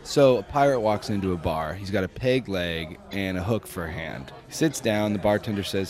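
A man telling a long joke in a steady storytelling manner. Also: fairly low pitch, moderate pace.

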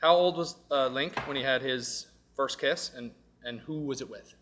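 A man's voice: medium pitch, moderate pace, fairly bright tone, a little hiss or hum. A man hosting a podcast who chats casually, jokes and laughs often. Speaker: podcast host. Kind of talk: casual chat.

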